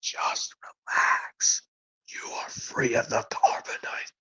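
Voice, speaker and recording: A man's voice: slow pace, sharp tone. A man whispering as a secretive bounty hunter woman, whispered role-play. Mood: hushed. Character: disguised female bounty hunter, calm and secretive.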